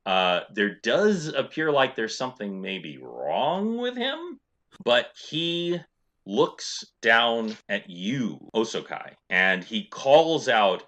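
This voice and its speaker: Lively man narrating as dungeon master. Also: on the low side. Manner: animated, playful, with sound effects. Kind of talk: narrating a tabletop game.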